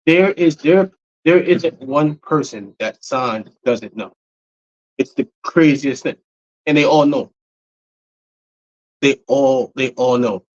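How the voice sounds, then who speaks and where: A man of ordinary pitch chats loosely on a podcast, filling every pause with "you know." He sounds like a regular of the shop rather than its owner. The audio is dull and lo-fi. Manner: rambling, full of "you know" fillers. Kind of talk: casual podcast chat.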